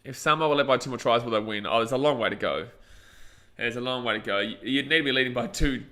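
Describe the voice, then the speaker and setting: An Australian man streams a match and calls the action live, blunt and crude in his reactions. His voice is bright and forceful, and he sounds like a young adult. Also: mid-range voice, fast. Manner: excitable, blunt and crude, reacts loudly to plays. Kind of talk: live match watch-along commentary.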